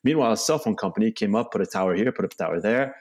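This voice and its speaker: Racing along in an animated way, this man's fairly low, darkish voice carries his rambling answers. He's a bike company co-founder giving a casual interview as a guest, tagging sentences constantly with "you know" and "right?".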